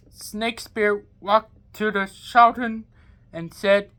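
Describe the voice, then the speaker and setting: Slow, halting woman storyteller. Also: mid-range voice, a bit bright. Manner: halting, plain narration with grammar slips. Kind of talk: amateur read-aloud of an original fantasy story.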